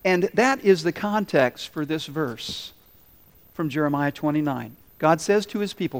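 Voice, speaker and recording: A man pastor preaching a sermon, slowing for emphasis and acting out the quoted voices of the story. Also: a little high, animated. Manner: dramatic pauses and voiced quotes. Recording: long hall reverb.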